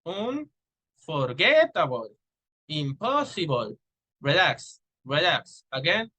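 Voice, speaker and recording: A young man whose first language is Spanish presents a class lesson on pronunciation. His voice sits a little high and sounds bright and forward. He stretches his example words out slowly and restarts his sentences now and then. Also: rough recording. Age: young adult. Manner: explains with slow drawn-out example words, restarts and fillers. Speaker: student presenter. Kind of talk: recorded class presentation on phonetics.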